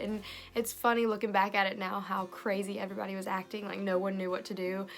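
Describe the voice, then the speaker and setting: A woman's voice: mid-range voice, completely flat delivery, fast, fairly bright tone. A young woman telling a personal story in a casual vlog, with many fillers and quoted voices, filmed on a phone. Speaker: vlogger.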